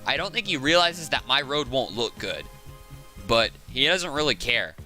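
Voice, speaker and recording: Bright-voiced Southern streamer, rambling and chatty. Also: male voice, medium pitch, big pitch swings, moderate pace, soft background music. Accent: Southern American. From Southern United States. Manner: rambling, chatty, laughs often. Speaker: game streamer. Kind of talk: casual live-stream chat.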